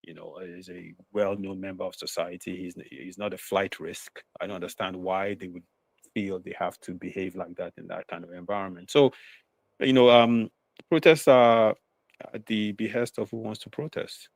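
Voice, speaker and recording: A man with a low, gravelly voice argues his case on a live talk show. He speaks in a measured way, often checking in with "you know". The sound is close and dry, with no room in it. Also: fairly even intonation, no room sound. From southern Nigeria. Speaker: panelist.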